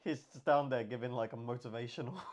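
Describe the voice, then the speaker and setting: Male co-host, mid-pitched, joking delivery, builds silly made-up scenarios. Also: a little fast. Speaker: podcast co-host. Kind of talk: casual chat.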